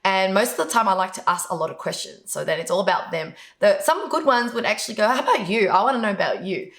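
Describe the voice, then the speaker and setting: With lively intonation and a quick pace, a medium-pitched woman shares networking advice as an interview guest. The chat is casual, and she tells stories eagerly, laughing frequently.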